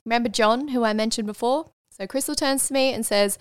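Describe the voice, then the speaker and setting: Australian woman, 20s, podcast host; candid, lively storytelling with swearing; slightly high, smooth voice, dry close recording. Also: fairly quick, no echo. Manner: frank, animated, swears freely. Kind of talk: casual storytelling monologue.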